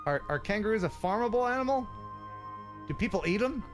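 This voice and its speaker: Guy hosting a drone live stream, kinda high voice, super lively, jokey, faint music under it. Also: a little fast. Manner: joking, teasing, laughs often. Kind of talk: casual chat.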